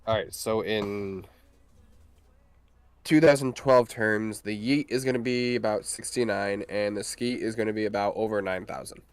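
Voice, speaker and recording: A man's voice: lowish voice, moderate pace, slight background noise. A man joking and rambling in casual chat with friends on a stream.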